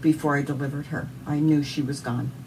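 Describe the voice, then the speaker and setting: A woman's voice: deep voice, fairly even intonation, fairly quick. Earnest Southern woman sharing a testimony. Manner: earnest, heartfelt storytelling. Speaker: interview guest. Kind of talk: emotional personal testimony. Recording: distant mic with faint background noise.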